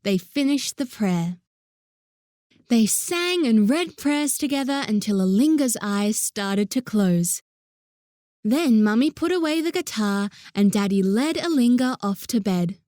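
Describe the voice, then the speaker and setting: Slow, gentle woman narrating a children's story. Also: a little high, animated, no echo, studio quality. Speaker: audiobook narrator.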